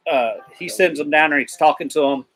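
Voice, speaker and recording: A man's voice: on the high side, brisk, over loud music. A man rambling through a casual Bible discussion, retelling scripture in slangy paraphrase. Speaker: discussion participant.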